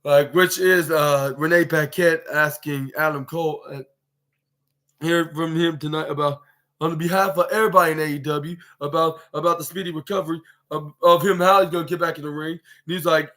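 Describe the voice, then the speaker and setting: Rambling man recapping wrestling, bright voice. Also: a little high, steady tone. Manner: rambling, halting, many fillers and restarts, acts out quotes. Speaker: podcast host.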